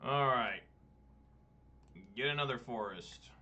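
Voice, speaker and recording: Here the same kind of card-game streamer, an adult married man, takes things slowly with a medium-pitched, bright, forceful voice. He rambles through casual gameplay talk, running himself down, all captured on a dull lo-fi mic.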